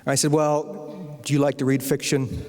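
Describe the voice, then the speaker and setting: A man from Virginia tells funny anecdotes to a university audience in a wry, conversational way. His pitch sits in a mid range. The sound carries the long echo of a big lecture hall. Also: flat delivery, normal speed, mellow. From Virginia, USA. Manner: wry storyteller, acts out quoted voices. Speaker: novelist giving a guest lecture.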